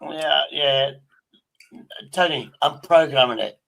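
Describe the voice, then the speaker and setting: A man's voice: on the high side, slow pace, vocal fry, fairly bright tone, low-quality recording. A man hosting a stream, hesitant and teasing, often stopping to restart his sentences. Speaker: streamer host. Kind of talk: casual stream banter.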